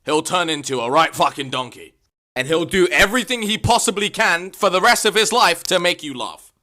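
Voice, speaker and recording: A young man vlogging comic rants, swearing constantly and bursting into exasperated shouts. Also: high-pitched, expressive, fairly quick. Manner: profane, exasperated ranting with sudden shouts. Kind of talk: comedic rant vlog.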